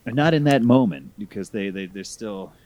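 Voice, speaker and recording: A man's voice: on the low side, moderate pace, no room sound. A man filling in as guest on a casual podcast, riffing with jokes and pop-culture comparisons. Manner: animated, jokey, mimics characters. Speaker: guest co-host. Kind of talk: casual review chat.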